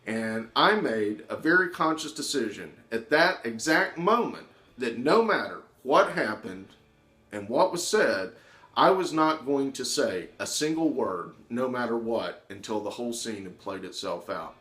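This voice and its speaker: A man telling a personal story in an animated way, acting out the voices of the people in it. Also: medium pitch, a little slow. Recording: echoey room.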